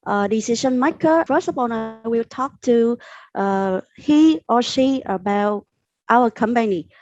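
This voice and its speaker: A woman sales trainee answering in hesitant, halting English. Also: fairly high pitch, lively intonation, a little mellow, dull audio. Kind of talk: classroom answers.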